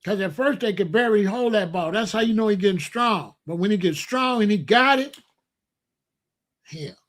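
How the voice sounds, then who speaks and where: A middle-aged man tells stories in a casual, folksy way. He hosts an online show and often breaks into loud exclamations. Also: sits high, animated, moderate pace. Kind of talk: casual storytelling monologue.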